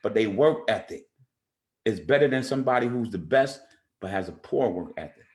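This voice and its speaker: A man's voice: fairly low pitch, animated, moderate pace. Earnest man speaking with emphasis. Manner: earnest, emphatic, repeats words as he builds a point. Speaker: guest rapper. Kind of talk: casual interview talk.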